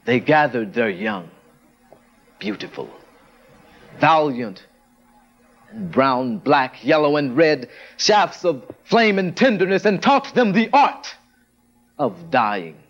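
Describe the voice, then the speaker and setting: A man's voice: on the high side, sing-song, takes it slowly, vocal fry, pauses often, fairly bright tone. A man reciting spoken word poetry with a dramatic delivery that swells and drops. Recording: dull lo-fi vintage recording.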